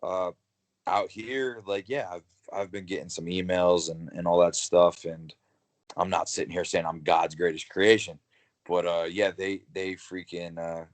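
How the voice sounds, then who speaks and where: A young man with a deep voice talks as a guest about his wrestling career. He rambles bluntly, full of fillers and restarts. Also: steady tone, a little slow. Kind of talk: casual interview.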